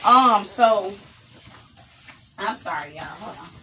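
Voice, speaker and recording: A woman's voice: medium pitch, lively intonation, takes it slowly, sharp tone, a little hiss or hum. A woman vlogger telling a personal story in a candid, rambling, profane way, breaking off now and then to scold her child. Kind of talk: casual storytime monologue.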